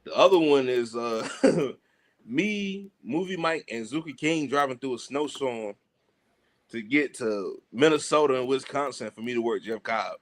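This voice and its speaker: A man's voice: medium pitch, a little slow. A man, a wrestler and podcast guest, telling stories in a loose, slangy way and mimicking the people in them. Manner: animated, imitates people in his stories; loose, slangy, many fillers. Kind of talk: casual storytelling.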